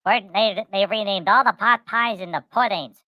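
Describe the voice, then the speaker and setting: A woman's voice: mid-range voice, normal speed, no room sound, dull audio. A woman on a casual stream, telling a silly rambling story and repeating herself.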